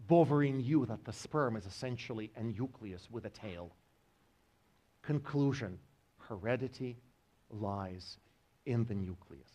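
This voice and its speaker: A man's voice: mid-range voice, a little slow, long pauses, dark tone. A man giving a university biology lecture, joking with his students as he explains. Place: lecture hall.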